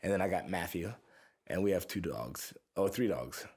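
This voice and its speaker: Low-voiced, rambling male musician. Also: animated, normal speed, darkish tone, husky. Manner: rambling, laughs often, restarts with lots of "uh". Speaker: musician guest. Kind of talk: casual podcast chat. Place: recording studio.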